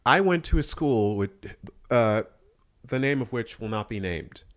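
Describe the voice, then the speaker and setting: A young man from Florida chatting casually on a podcast, profane and quick to laugh in mock outrage. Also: medium pitch, expressive, a bit bright. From Florida, USA. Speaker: podcast host.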